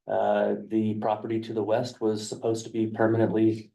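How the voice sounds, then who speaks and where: Man, gravelly, dark, flat delivery, hesitant, meeting room, far from the mic. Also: lowish voice, normal speed. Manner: hesitant, with many fillers. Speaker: county planning staff presenter. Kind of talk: explaining a proposal in a work session.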